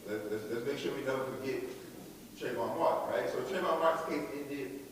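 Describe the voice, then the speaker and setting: A young author spins a story for a school crowd, slangy and casual, talking right at them. His voice comes from well off the microphone in a big, booming auditorium with a long tail of reverb. A faint hiss sits under it. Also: a little fast, distant mic. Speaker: visiting author. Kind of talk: storytelling talk to a school audience. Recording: echoey hall from afar, faint hiss.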